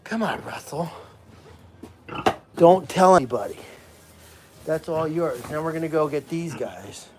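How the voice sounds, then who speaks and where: A man on the high side, with lively intonation, speaks at a measured pace and leaves long pauses over a noisy background. He cares for animals at a sanctuary, working alone and moving around the outdoor pig pens while he talks to a live stream and coaxes the pigs with sing-song calls.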